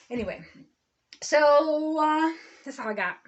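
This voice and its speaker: A woman's voice: high voice, expressive, moderate pace, a bit bright. A woman talking to camera in a rambling spiritual monologue, blunt and swearing freely, sometimes acting out the people she quotes. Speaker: spiritual vlogger.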